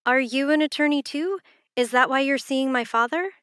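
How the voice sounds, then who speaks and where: A woman reading the part of a young woman who works a tour booth, with quick, slightly breathless replies. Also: sits high, fairly bright tone, no room sound, studio quality, voice pushed up. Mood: teasing. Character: young Canadian woman working a tour booth, flustered yet teasing.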